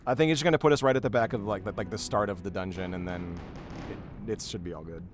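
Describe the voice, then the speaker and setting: A young man who works as a streamer and voice actor chats casually on a game stream, rambling through anecdotes full of filler and swearing heavily when riled up. His voice is lowish and he talks fast over background music.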